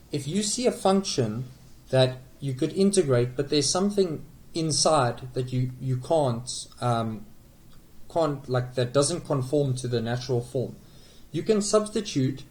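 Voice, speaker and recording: A man's voice: medium pitch, darkish tone, low-quality recording. A man tutoring calculus, explaining step by step in a patient way with frequent okays and small self-corrections. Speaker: math tutor.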